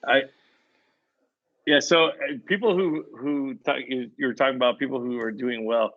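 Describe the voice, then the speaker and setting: A joking man on a video call who laughs easily. His voice has a mid-range pitch. The call audio sounds dull and lo-fi. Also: steady tone, moderate pace. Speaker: co-host. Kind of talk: casual chat on a video call.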